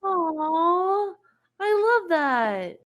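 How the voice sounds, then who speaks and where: A woman's voice: extremely high pitch, big pitch swings, drawn-out words, fairly bright tone. A woman co-hosting a casual podcast, reacting with short exclamations. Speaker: podcast co-host.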